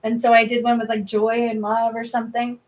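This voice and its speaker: A woman's voice: on the high side, completely flat delivery, brisk, low-quality recording. Emphatic woman giving a card reading. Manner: emphatic, keeps adding "okay?", swears casually. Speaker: spiritual reader and healer. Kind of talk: live-stream card reading.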